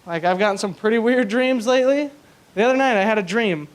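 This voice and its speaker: A man's voice: high voice, fast talker. A young man doing a stand-up comedy set in a small club. He tells crude, rambling stories and fills them with likes and you-knows. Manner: crude, rambling storytelling with many fillers.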